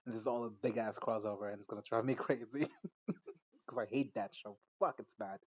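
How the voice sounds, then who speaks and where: A man recapping a TV episode in a casual reaction video, talking in an animated, profane way and laughing often. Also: fairly low pitch, fairly quick, dry recording, dull audio.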